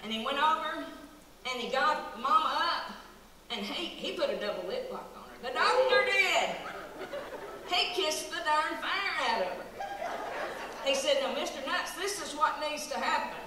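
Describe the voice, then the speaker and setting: A woman's voice: sits high, lively intonation, moderate pace. Woman, drawl, playful country storytelling, distant mic, long hall reverb. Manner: folksy drawl, chatty and playful. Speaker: stand-up comic in character. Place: live stage show in a large hall. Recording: echoey hall from far off, noisy.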